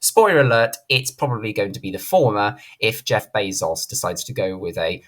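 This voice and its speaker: A man's voice: lowish voice, expressive, normal speed, hardly any pauses. A man hosting a commentary channel, giving a blunt, indignant opinion monologue and swearing freely. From Britain. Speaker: channel host, film commentator.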